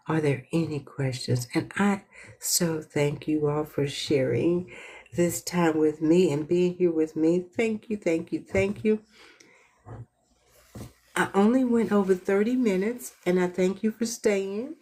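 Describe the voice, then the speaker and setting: A woman hosting a heartfelt, casual inspirational talk, earnest and lively when she tells a story. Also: lowish voice, a little slow, breathy edge. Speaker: host.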